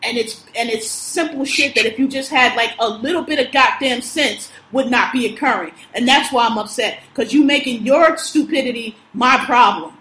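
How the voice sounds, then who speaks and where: Woman host, high voice, profane emphatic ranter, recorded in an echoey room. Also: normal speed, hardly any pauses, a bit bright, a little hiss or hum. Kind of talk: casual chat, venting.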